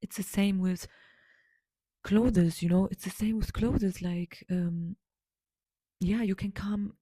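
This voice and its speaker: A woman's voice: medium pitch, fairly even intonation, slow pace, warm tone, no echo. A woman hosting a solo podcast, speaking as an in a rambling, emphatic way with many fillers and repeated words. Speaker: podcast host. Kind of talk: casual solo podcast monologue.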